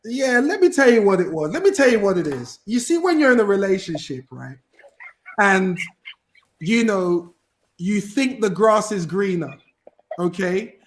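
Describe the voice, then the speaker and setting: A man with a high voice talks football on a podcast. He rambles in animated bursts, restarting his sentences and piling on fillers. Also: a little slow, a little hiss or hum. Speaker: podcast guest, football fan. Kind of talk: casual chat.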